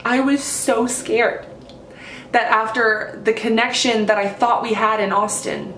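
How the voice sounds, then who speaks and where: A woman's voice: on the high side, fairly even intonation, measured pace, fairly bright tone, roomy sound, slight background noise. A woman vlogger telling a personal story to camera in a gushing, casual way, filling her talk with "like". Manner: gushing, heavy use of "like".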